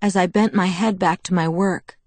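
A woman reading a novel aloud as narrator, in a steady, even storytelling manner. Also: lowish voice, moderate pace, no room sound. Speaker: audiobook narrator. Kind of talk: scripted narration.

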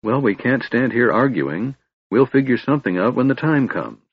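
A man voicing a determined young elven princess who gives quiet, urgent instructions. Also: mid-range voice, lively intonation, moderate pace, breathy edge, no room sound, muffled recording, pitched above the performer's own voice. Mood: resigned.

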